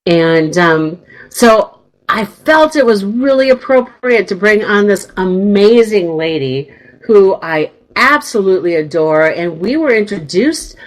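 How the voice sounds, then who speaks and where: A woman's voice: mid-range voice, animated, a little slow, rough recording. Bubbly chatty woman radio host. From northern United States. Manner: bubbly, laughs often, chatty storyteller. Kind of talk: casual radio chat.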